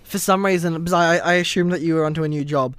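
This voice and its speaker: A man's voice: on the high side, fairly even intonation, quick pace, fairly bright tone, smooth, no echo. A young Australian man co-hosting a podcast, easygoing and matter-of-fact in casual chat. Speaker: podcast co-host.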